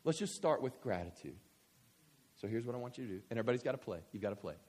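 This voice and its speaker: A middle-aged male pastor preaching a sermon in an animated, joking, conversational way. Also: medium pitch, very fast, breathy edge.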